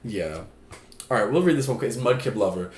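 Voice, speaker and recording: A man's voice: lowish voice, lively intonation, fairly quick, slight background noise. A man hosting an advice stream, with a chatty, joking manner and casual swearing. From Puerto Rico. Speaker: stream host. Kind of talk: casual chat. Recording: echoey room.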